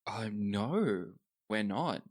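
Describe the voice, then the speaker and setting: A game master voicing Kieran, a concerned, calm man who mentors the heroes, in a tabletop game. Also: mid-range voice, drawn-out words, husky, no room sound, clean studio sound, full character voice. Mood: measured.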